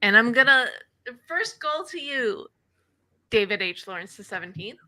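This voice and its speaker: Bright enthusiastic female host. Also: a little high, lively intonation, normal speed. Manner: enthusiastic, guiding questions. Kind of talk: hosting a live panel show.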